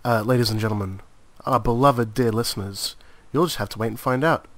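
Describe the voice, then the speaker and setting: A man's voice: medium pitch, brisk, no room sound. A man hosting a podcast, joking casually and wrapping up the show with plugs. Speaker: podcast host. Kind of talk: casual chat.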